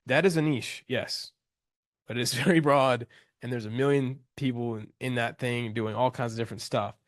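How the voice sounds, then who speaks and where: A young man leads a live coaching call in a loose, slangy way, enthusiastic and often restarting his sentences. His voice sits at an ordinary pitch. The sound is dry and close, with little room around it. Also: steady tone, moderate pace, dry recording.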